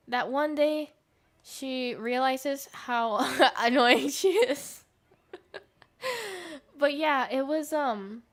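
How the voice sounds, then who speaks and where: A young woman streamer chatting casually while gaming, rambling through anecdotes with fillers and laughs. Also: a little high.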